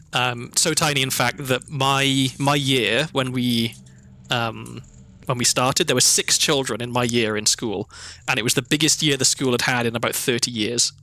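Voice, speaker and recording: A man's voice: medium pitch, pushed and bright. A man from Wales with a Welsh accent, streaming a video game and chatting casually, rambling into thoughtful asides. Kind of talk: casual gameplay commentary. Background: faint background music.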